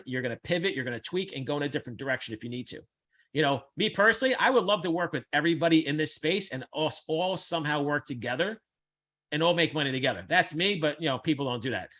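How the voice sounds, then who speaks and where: Blunt cussing guy telling stories in a chat, bright punchy tone. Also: fairly high pitch. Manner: blunt, brash and profane, with animated storytelling. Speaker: host. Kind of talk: casual chat.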